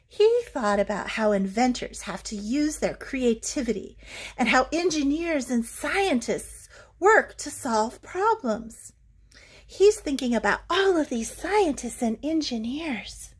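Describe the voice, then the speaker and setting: A woman librarian reading picture books aloud to young children, with a highish, very animated voice. She takes her time and keeps the pace slow, drawing listeners in with questions. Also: slightly rough. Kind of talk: picture-book read-aloud.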